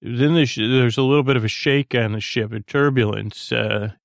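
A podcast host, a man, drifts through a bedtime episode recap, stumbling and circling back as he goes. His voice is rough with fry and stays level in pitch. It sits close and dry on the mic. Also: steady tone, dry recording. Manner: halting, meandering, many fillers and restarts.

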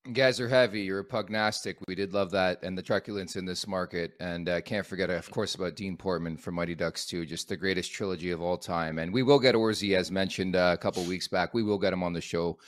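A man's voice: low-pitched, steady tone, fast talker, few pauses, no room sound, studio quality. A man hosting a sports podcast, upbeat and joking as he steers the talk. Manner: upbeat, joking, leads the segments. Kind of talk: casual sports chat.

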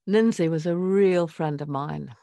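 An older woman co-hosting a casual podcast chat, reflective and expressive as she introduces guests. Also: deep voice, unhurried, vocal fry, no room sound. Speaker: co-host.

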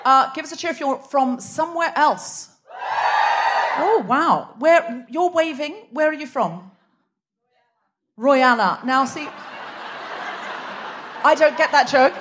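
A woman's voice: high-pitched, lively intonation, slow pace, pauses often, a bit bright. A woman raised in Australia hosting a live comedy podcast on a theatre stage, teasing and bantering with the crowd. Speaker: host. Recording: live theatre recording with audience noise.

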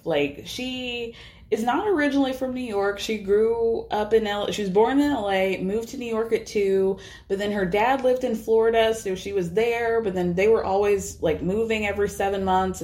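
A young adult woman hosting a podcast, recapping in a casual, animated way with voiced asides. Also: mid-range voice. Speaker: podcast host.

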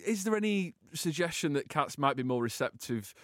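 A man's voice: fairly high pitch, lively intonation, normal speed, a bit bright, no echo, studio quality. A man hosting a podcast in casual chat, talkative and self-mocking. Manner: chatty and self-mocking, slips into silly voices. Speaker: podcast host.

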